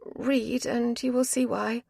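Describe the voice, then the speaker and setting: A woman voicing a direct, anxious gentlewoman who speaks in a raised, urgent tone. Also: a little high, flat delivery, slow pace, creaky, no echo, clean studio sound, pitched above the performer's own voice, exaggerated voice.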